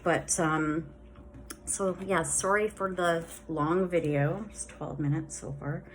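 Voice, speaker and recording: A woman's voice: low-pitched, steady tone, slow pace, slight background noise. A woman vlogging casually about her dental recovery, rambling with many fillers and a slight lisp on her S sounds while wearing new dentures. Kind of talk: casual chat.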